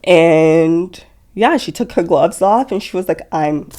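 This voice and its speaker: Young woman, interview guest, soft-spoken, slow, lowish voice. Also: lively intonation. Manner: soft-spoken, many fillers and quoted dialogue. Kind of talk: emotional personal interview.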